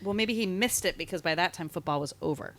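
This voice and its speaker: A woman's voice: on the low side, fast talker, a bit bright. A young woman co-hosting a podcast, adding short jokey remarks and corrections to a movie recap. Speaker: podcast co-host. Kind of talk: casual chat.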